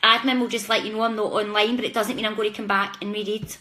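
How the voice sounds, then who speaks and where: A woman's voice: medium pitch, flat delivery, fast talker, slight background noise. A woman hosting a live-stream psychic reading, talking chattily and apologetically straight to her viewers. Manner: chatty, warm-hearted, apologetic, speaks directly to viewers. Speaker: psychic reader.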